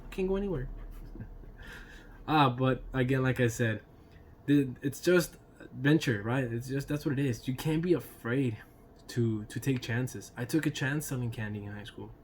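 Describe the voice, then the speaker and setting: Slight background noise sits behind this YouTube storyteller's mid-range voice, which moves at a moderate pace. He tells his storytime vlog in a loose, chatty way, laughing between lines, sometimes swearing, and sprinkling in "you know" and "right?".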